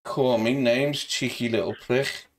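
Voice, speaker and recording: A man's voice: medium pitch, steady tone, unhurried. A man with a Liverpool accent on a prank call to a scammer, brash, mock-tough and swearing freely. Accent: Liverpool (Scouse). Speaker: scambaiter.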